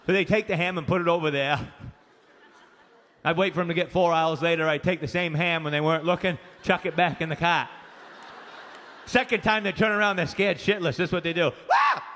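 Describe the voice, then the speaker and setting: A man from Maine, with a Maine accent, performs rowdy, profane stand-up on a comedy club stage, telling stories with acted-out voices. His slightly high, steady, fairly bright voice is brisk, with long pauses. The live club set has echoing reverb and faint room noise.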